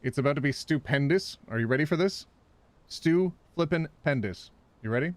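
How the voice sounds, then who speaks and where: A man's voice: medium pitch, quick pace, dry recording. A man live-streaming a game, chatting with viewers, yelping and laughing as he plays. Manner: animated, yelps and laughs while playing, chats with viewers.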